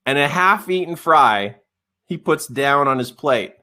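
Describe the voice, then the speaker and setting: A middle-aged man telling a story in a coaching webinar, animated and often laughing. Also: fairly high pitch, a little slow.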